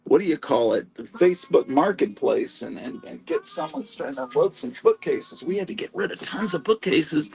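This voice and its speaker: A man's voice: a little high, lively intonation, moderate pace, creaky, few pauses, a little mellow, low-quality recording. A man hosting a live stream from home, chatting in a rambling, self-deprecating way among his comic books. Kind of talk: casual live-stream chat. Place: home room stacked with comics.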